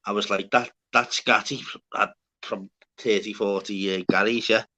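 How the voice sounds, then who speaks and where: A man's voice: on the low side, steady tone, moderate pace, bright, forceful tone. A man, swearing a lot and rambling through stories in casual banter as a live stream host.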